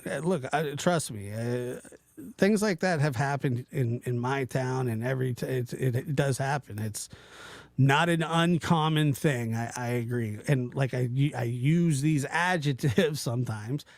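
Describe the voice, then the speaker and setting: A man hosting a casual livestream, talking to his chat in a rambling, animated way, often stopping and restarting. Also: mid-range voice, a little slow, creaky, no room sound. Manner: animated, rambling, self-interrupting, mimics voices in quotes. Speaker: livestream host reading chat.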